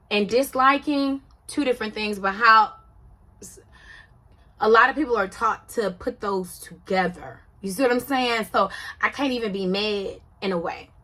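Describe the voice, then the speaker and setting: A woman's voice: a little high, bright, forceful tone. A woman casually commenting on a reality show, talking in an emphatic, conversational way and often checking whether the listener follows. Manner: conversational, emphatic, often asks "you see what I'm saying".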